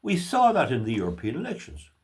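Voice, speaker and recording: Older Irish man, vlog political commentary, emphatic and ranting, pitch swings widely. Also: wildly swooping pitch, fast, a little mellow. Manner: emphatic, opinionated ranting delivery.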